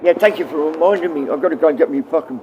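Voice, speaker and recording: A man's voice: fairly high pitch, very fast, highs cut off, a little hiss or hum. A middle-aged man livestreaming, rambling and swearing casually as he answers his viewers.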